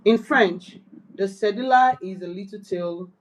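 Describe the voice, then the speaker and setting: A woman who is a beginner in French reads out accent rules and carefully repeats words after her tutor. She speaks at a measured pace in a medium-pitched voice, with background noise audible.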